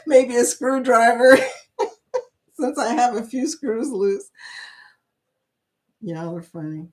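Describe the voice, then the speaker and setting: A woman's voice: mid-range voice, expressive, measured pace, pauses often, darkish tone. A woman hosting a live stream chat, reading viewer comments aloud, laughing often and speaking. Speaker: livestream chat host.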